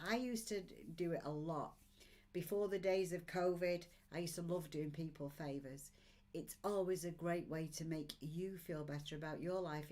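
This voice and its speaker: A woman in her sixties hosts a live stream as an oracle card reader. In a fairly low, darkish voice, she reads viewers' comments aloud and encourages them with upbeat warmth.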